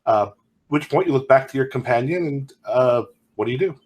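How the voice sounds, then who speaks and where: A man's voice: mid-range voice, animated, a little fast, darkish tone, muffled recording. A man playing an improvised story game, telling his part playfully with fillers. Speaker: player.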